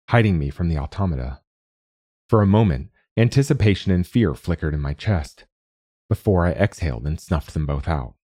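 A man narrating a short story in a steady, measured way. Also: low voice, no echo, clean studio sound. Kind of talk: scripted narration.

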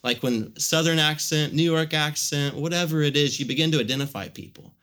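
Bright-voiced conversational man preaching. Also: fairly high pitch, a little fast, smooth. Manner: conversational, animated storytelling with many "like" fillers. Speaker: pastor. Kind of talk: sermon.

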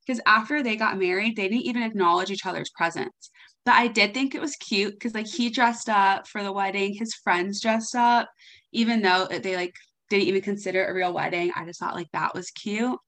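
Young woman podcast cohost, mid-pitched, gushy and chatty, says like constantly. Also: moderate pace, a bit bright. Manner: gushing, chatty, heavy use of "like". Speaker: podcast co-host. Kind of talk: casual book chat.

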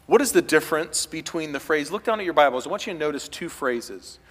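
A man preaching a sermon as pastor, building to loud, impassioned passages as he voices pleading figures. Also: a little high, lively intonation, fairly quick, husky, long reverb tail. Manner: preaching with rising intensity, voicing quoted pleas loudly.

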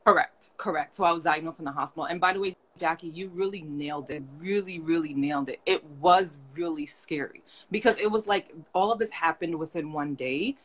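A woman with a fairly low voice hosts a casual live stream. She tells her own story in an animated way and acts out the voices of the people she quotes. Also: a little fast, few pauses, husky. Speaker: host.

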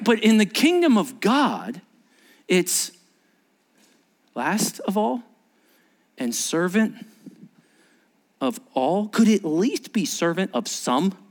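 A man preaching a sermon as pastor, animated and acting out scenes, often restarting his words. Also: high-pitched, big-room sound.

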